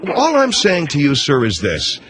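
A man's voice: on the high side, huge pitch swings, moderate pace, fairly bright tone, slight background noise, rough recording. A man hosting a radio call-in show, sounding incredulous and dryly sarcastic with a caller. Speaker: radio talk show host.

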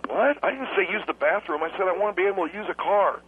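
A man's voice: high-pitched, animated, quick pace, husky. A young adult man calling in to a radio show, cheeky and rambling, stumbling over his words. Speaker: radio caller. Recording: tinny phone line.

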